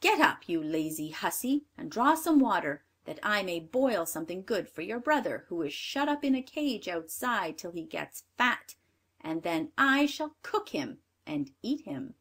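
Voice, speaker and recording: A woman's voice: mid-range voice, big pitch swings, a little slow, few pauses, husky, exaggerated voice. Woman putting on a sneering wicked old witch. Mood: harsh scolding. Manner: harsh, scolding. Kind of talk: storybook reading.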